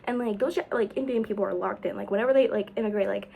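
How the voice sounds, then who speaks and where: A young woman telling a rambling storytime vlog, full of fillers, jumping between loud exclaims and whispers. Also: mid-range voice, fast talker, vocal fry, slightly rough, poor audio. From United States. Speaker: vlogger.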